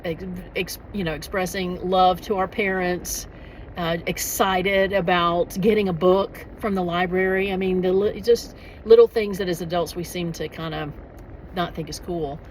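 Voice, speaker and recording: A woman's voice: fairly low pitch, steady tone, normal speed, a little hiss or hum, poor audio. Chatty middle-aged woman vlogging. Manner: chatty, rambling, with frequent restarts and laughs. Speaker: author and vlogger. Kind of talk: casual vlog monologue.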